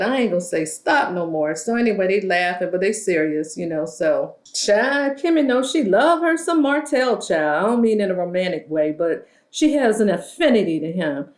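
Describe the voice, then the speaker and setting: A woman's voice: on the low side, a little mellow. Sassy gossiping woman recapping a show. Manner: sassy, gossipy, acts out quotes in shifting voices. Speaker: reality show recap commentator. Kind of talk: casual recap commentary. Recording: roomy echo.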